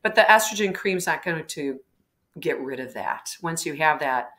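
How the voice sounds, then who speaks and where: Low-voiced woman doctor giving animated advice. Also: normal speed. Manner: animated, acting out patients' words, frequent throat clearing. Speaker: physician guest. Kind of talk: webinar health advice.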